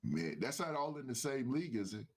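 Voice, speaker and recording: A man's voice: medium pitch, very animated, fairly quick, crowd noise. A man co-hosting a casual sports talk show, talking with a nasal voice, repeating himself and using lots of fillers. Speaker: podcast co-host.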